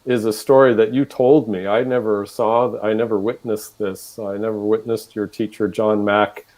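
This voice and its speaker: Composer guy talking about his piece, lowish voice, lots of ums. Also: flat delivery, moderate pace, a little mellow, poor audio. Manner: hesitant, full of fillers and restarts. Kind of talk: casual onstage chat.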